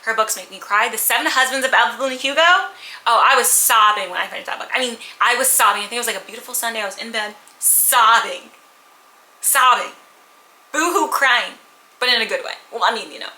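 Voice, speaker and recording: A woman casually reviewing books at home, candid and animated, sometimes acting out characters' lines. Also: on the high side, brisk, roomy sound, low-quality recording. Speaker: book vlogger. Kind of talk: casual chatty book review. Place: at home with a purring cat nearby.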